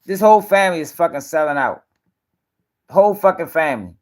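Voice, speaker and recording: A man's voice: fairly high pitch, animated, a little fast. A man hosting a livestream commentary show, talking bluntly and profanely and firing back directly at viewers in the chat.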